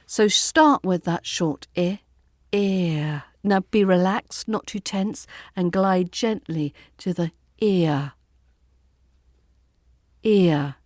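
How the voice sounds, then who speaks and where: A woman with a British RP accent teaching pronunciation, calm and deliberate, modelling words slowly and repeating them. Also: mid-range voice, no room sound, studio quality. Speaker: accent coach. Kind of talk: pronunciation lesson.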